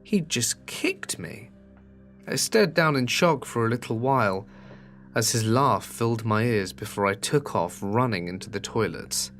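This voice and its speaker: A man narrates a scripted horror story in a fairly low voice, measured and earnest. Soft background music plays faintly beneath his reading.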